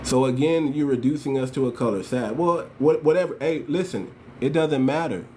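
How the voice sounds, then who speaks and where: A man's voice: medium pitch, normal speed, mellow, a little hiss or hum. A man from the United States hosting his channel with impassioned political commentary, slangy and emphatic, repeating his points as he talks straight to his viewers. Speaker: channel host.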